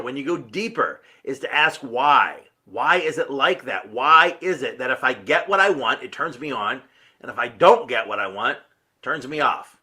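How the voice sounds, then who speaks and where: Bright-voiced man giving a motivational talk. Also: medium pitch. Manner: earnest, emphatic, rhetorical questions. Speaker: motivational speaker.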